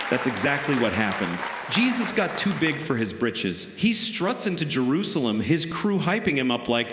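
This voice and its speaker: A man's voice: mid-range voice, big pitch swings, moderate pace, crowd noise, noisy background. A man performing stand-up comedy in a wry, conversational storytelling manner, recorded on a theater stage with roomy hall reverb.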